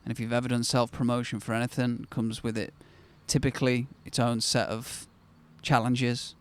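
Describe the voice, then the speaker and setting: A man's voice: mid-range voice, little pitch movement, normal speed, smooth. A man in his thirties, the host of his own channel, telling a personal story to camera in a candid, conversational way that turns reflective and then bursts with enthusiasm.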